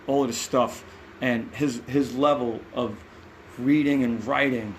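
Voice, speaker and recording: This musician guest, a New Yorker by accent, tells meandering backstage anecdotes in a relaxed interview in a hotel room, voicing quotes and cursing now and then. He speaks in a steady, medium-pitched voice at a measured pace, with slight background noise.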